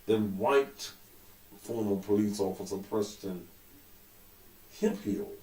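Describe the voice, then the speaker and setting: Slow, profane man with a cold. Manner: profane and emphatic, swings from low to loud. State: suffering with a cold. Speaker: show host. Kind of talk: casual talk-show commentary. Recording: echoey room.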